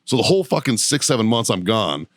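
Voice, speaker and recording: A man with a fairly low voice tells a story on a podcast. He swears freely and keeps it lively, slipping into the voices of the people he quotes. The sound is close and dry. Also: fast, dry recording. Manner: profane, animated anecdote telling. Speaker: podcast co-host. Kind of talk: casual storytelling chat.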